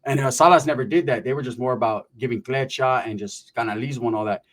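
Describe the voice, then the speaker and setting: A man telling a comic story in an animated, profane, slangy way. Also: mid-range voice, fast. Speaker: comedian storyteller.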